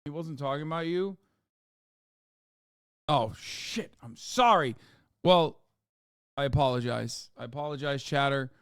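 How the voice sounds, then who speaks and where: A man in his thirties streaming live, reacting to posts with profane, mocking commentary that swings from loud outrage to mumbled asides. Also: a little high, a little slow, pauses often, clean tone, no room sound, studio quality.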